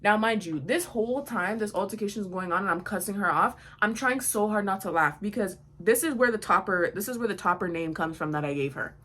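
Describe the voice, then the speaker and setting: A woman in her twenties telling a storytime vlog in a blunt, slangy, animated way. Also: medium pitch, brisk, hardly any pauses. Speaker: vlogger.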